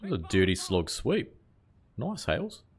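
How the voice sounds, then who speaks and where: A man talks to his audience over a live game stream, his voice sitting a little low. He drifts between chat and play-by-play in a loose, offhand way, with the odd bit of mild swearing. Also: normal speed. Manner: relaxed, chatty, greets viewers while playing, mild swearing. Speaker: livestreamer. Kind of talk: casual live game commentary.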